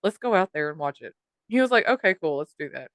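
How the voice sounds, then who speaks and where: A woman's voice: low-pitched, big pitch swings, fast, no room sound, clean studio sound. A woman co-hosting a podcast, telling a story in casual chat, swearing and mimicking the people she quotes. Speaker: podcast co-host.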